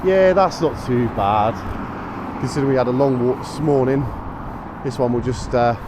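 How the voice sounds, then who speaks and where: A man's voice: medium pitch, normal speed. A man rambling casually to an action camera while walking his dog outdoors, stopping to call out commands. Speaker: dog walker vlogger. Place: outdoors on streets and fields at dusk. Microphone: action camera mic. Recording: outdoor action camera with clear traffic noise. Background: traffic and street noise.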